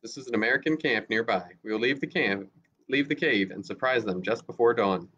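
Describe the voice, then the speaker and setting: A man's voice: medium pitch, fairly quick, sharp tone, slightly rough. Guy reading a barking fanatical army lieutenant, harsh orders, dull lo-fi sound. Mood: commanding. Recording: dull lo-fi recording.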